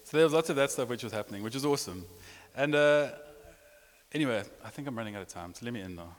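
A pastor with a medium-pitched voice and lively intonation preaches a sermon fast, telling a personal story with repetitions and rising emotion. A large hall's long reverb surrounds his voice.

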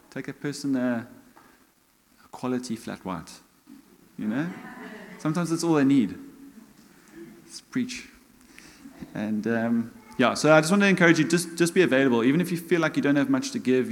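A middle-aged South African man preaching a sermon as a church elder, conversational and self-mocking in his humor. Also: mid-range voice. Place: church hall. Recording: long church hall reverb.

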